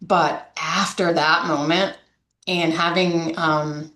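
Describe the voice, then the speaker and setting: Low-voiced woman recounting her story. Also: steady tone, slow pace, fairly bright tone, echoey room. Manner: storytelling, frequent fillers and restarts. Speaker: domestic violence coalition director. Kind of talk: candid interview reflection.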